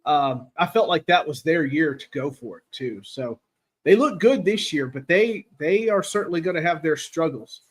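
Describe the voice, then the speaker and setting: A man hosting a casual live football chat, rambling and excitable, reading viewer comments aloud, his throat raw from cheering. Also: fairly high pitch, moderate pace. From Tennessee. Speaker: podcast host.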